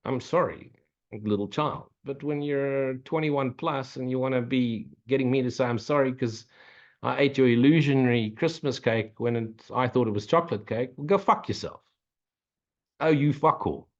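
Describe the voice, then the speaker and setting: On a muffled, lo-fi recording, a spiritual teacher with a medium-pitched voice holds a casual Q&A talk at a moderate pace. He is blunt and frequently swears, slipping jokes in between his points.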